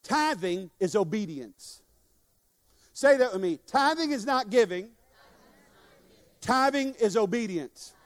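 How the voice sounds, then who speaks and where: A man's voice: high voice, animated, slow pace, long pauses. A man preaching a sermon to a congregation, leading call-and-response and joking as he exhorts. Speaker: guest preacher. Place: church sanctuary. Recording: long church hall reverb.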